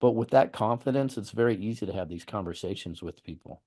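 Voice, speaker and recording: Low-voiced man hosting an interview. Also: quick pace, mellow. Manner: earnest, explains with examples, repeats words. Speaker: host. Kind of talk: interview conversation.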